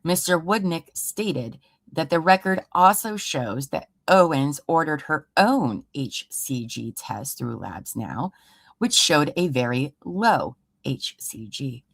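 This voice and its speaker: At home, a true crime livestream host with a low, deep voice reads an investigative report to her audience, cutting in with sarcastic, exasperated remarks. She's very animated, slow and creaky, recorded close and dry without room echo.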